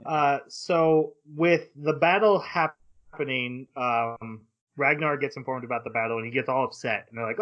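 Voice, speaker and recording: A man co-hosting an anime podcast in casual chat, excitable and quick to laugh, often stumbling into restarts. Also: mid-range voice, highs cut off. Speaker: podcast co-host.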